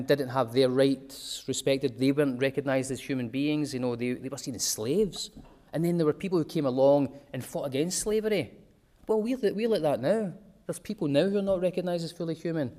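A man's voice: mid-range voice, a little mellow. A man giving an informal talk to a small group, chatty and digressive, with homely examples.

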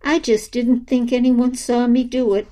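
A woman's voice: fairly high pitch, little pitch movement, a little slow, mellow, pitched above the performer's own voice, close to an everyday voice. A woman voicing a small, anxious girl angel who stammers and wails her apologies, in a storybook reading. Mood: tearful.

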